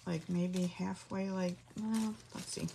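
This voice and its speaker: A woman's voice: on the low side, fairly even intonation, slow, gravelly, noisy background. A middle-aged woman hosting a casual craft tutorial from her home craft room, chatting and thinking aloud as she works. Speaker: craft class host.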